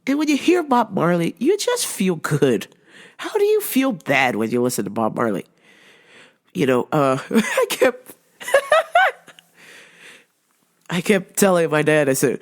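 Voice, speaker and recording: Woman vlogger, casual storytelling, lively swooping pitch, laughs a lot, exaggerated retellings. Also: measured pace, long pauses.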